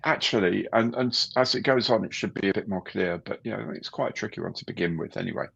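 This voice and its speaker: A man's voice: lowish voice, quick pace, creaky, fairly bright tone, husky, muffled recording. A man hosting a casual live stream, chatting and greeting viewers by name.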